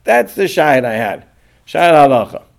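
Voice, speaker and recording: A man's voice: a little high, sing-song, normal speed, creaky. A man giving an informal Torah lecture on Jewish law, reasoning aloud and posing questions he then answers.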